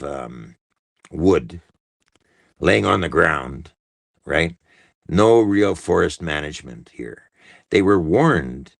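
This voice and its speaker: Deep gravelly man ranting. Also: a bit bright, dry recording, studio quality. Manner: profane, exasperated and emphatic. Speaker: livestream host. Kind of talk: angry political rant.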